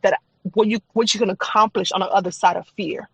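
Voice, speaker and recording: A woman's voice: mid-range voice, fairly even intonation, a little fast, vocal fry, breathy edge, no room sound. Fervent woman giving her faith testimony. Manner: emphatic and repetitive, testifying with fervor. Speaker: podcast guest, faith and trauma coach. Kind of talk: emotional personal testimony in a podcast interview.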